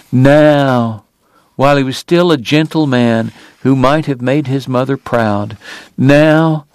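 A man reading a novel aloud as a measured, dramatic audiobook narrator. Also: medium pitch, darkish tone, no echo, clean studio sound. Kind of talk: scripted narration.

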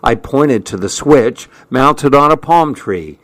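A man narrating a story in a measured way. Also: medium pitch, animated, a bit bright, no room sound. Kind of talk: audiobook narration.

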